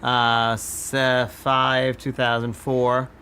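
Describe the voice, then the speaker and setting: A man with a middle-pitched, monotone, sharp-toned voice teaches a psychic class during a live demonstration. He speaks in short, halting phrases, repeatedly saying "I feel" as he reads impressions. Faint noise runs beneath his voice.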